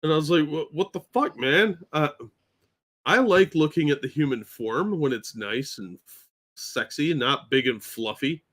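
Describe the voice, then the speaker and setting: A man with a slightly high voice who talks loosely and jokes crudely. He is co-hosting a casual livestream chat. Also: expressive, a little slow, fairly bright tone. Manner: joking, crude. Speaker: co-host.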